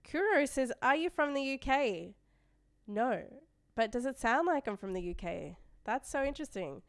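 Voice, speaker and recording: A woman's voice: sits high, big pitch swings, normal speed, no room sound, studio quality. A young Australian woman hosting a live trading stream, chatting casually and reading viewer messages aloud as she goes. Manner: chatty, reads chat messages aloud, trails off and restarts. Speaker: livestream trading host.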